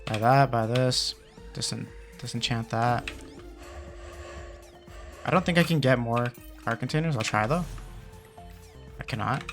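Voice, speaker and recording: A man's voice: mid-range voice, a little slow, long pauses, a bit bright, soft background music. A young man hosting a gaming channel, telling a story in casual slang with lots of fillers, then muttering along as he plays. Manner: muttering game commentary. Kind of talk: casual chat while playing a game.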